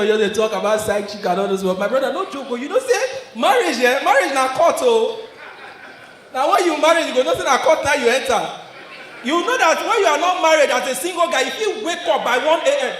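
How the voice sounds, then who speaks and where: A Nigerian man performing stand-up on a handheld mic, his voice unusually high and swinging widely from low mutters to shouted lines. He laughs through his own jokes. The sound carries the echo of a live venue. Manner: shouting punchlines, often laughing, in Pidgin-mixed English. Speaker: stand-up comedian. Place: comedy show venue. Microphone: handheld stage mic. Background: audience laughter.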